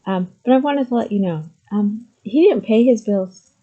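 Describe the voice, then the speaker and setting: A woman's voice: fairly high pitch, moderate pace, narrow, tinny audio. A middle-aged woman talking candidly to the camera, with frequent ums, moving between hesitant and emphatic speech. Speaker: vlogger sharing personal story. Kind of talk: candid personal talk to camera.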